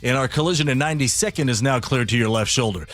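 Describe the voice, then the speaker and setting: A man reading a radio traffic report in a brisk, clipped announcer style. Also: mid-range voice, a bit bright. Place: radio studio.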